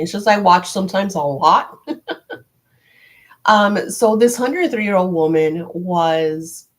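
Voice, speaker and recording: A middle-aged woman talks loosely and warmly on a live stream from her home, with a slightly low voice. She rambles from thought to thought and leans on fillers as she chats. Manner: rambling, chatty, heavy on fillers. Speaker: host of a spiritual live stream. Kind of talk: casual live-stream chat.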